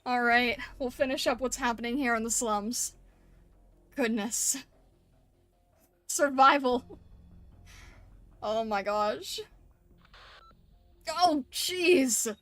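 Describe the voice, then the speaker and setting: A woman streaming a game, chatting excitedly with frequent laughs and gushing exclamations, and reading story dialogue aloud. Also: a little high, slow, pauses often, dry recording, soft background music. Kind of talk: casual gameplay commentary, reading story lines aloud.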